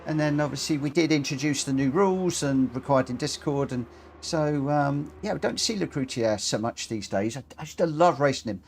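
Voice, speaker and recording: A man's voice: a little high, fairly quick, creaky, a little hiss or hum. Chatty man hosting a racing stream. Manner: chatty, rambling, self-deprecating. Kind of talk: casual live-stream commentary.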